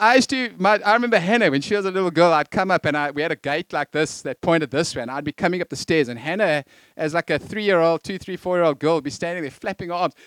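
A middle-aged man preaching a conversational sermon, with jokey asides and lively emphasis. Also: very high-pitched, no echo.

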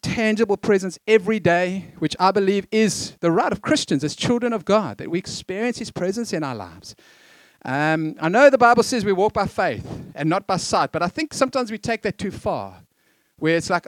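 High-voiced man preaching a sermon. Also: normal speed, no echo. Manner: conversational, jokey asides, lively emphasis.

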